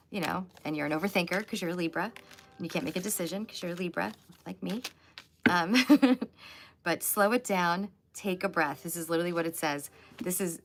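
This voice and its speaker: Woman, low voice, chatty tarot reader, talks to the viewer and laughs a lot, noise behind her. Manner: excitable, chatty, laughs often. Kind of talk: live tarot reading.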